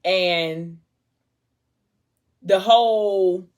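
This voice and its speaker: A woman talking casually while she snacks at home, recapping a story in a loose, chatty way. She fills her sentences with "like" and keeps slipping back into the scenes. Her voice sits a little low for a woman. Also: drawn-out words, a little mellow. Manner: chatty, retells scenes with lots of "like". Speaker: vlogger retelling a book's plot. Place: at home, eating a fruit tray.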